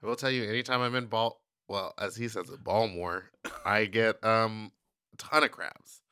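A man co-hosting a podcast, brash and teasing, with loud bursts in casual banter. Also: fairly low pitch, fairly even intonation, normal speed, clean tone, no room sound, studio quality. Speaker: podcast co-host.

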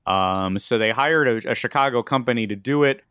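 A man hosts a casual podcast chat, telling a story with plenty of fillers and quick asides. His voice sits in a middling pitch and sounds dry and close. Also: a bit bright, clean tone, no echo. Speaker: podcast host.

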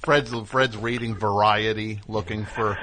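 A man hosting a comedic call-in show, teasing guests and callers with rapid-fire riffs. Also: on the low side, steady tone, pushed and bright, a little hiss or hum. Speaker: radio show host.

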